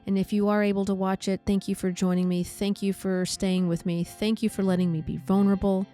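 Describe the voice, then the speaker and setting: A podcast host telling her own story, candid and halting, with many pauses and fillers. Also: mid-range voice, little pitch movement, warm tone, faint music behind. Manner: candid, halting, reflective, says like often. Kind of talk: personal storytelling.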